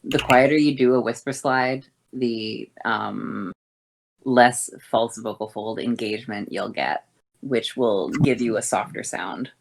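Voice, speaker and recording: A woman voice coach talks slowly, with a gravelly, creaky edge in her voice. She explains vocal exercises haltingly, stopping often to correct herself. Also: extremely low pitch. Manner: halting, with many fillers and self-corrections. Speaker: voice teacher.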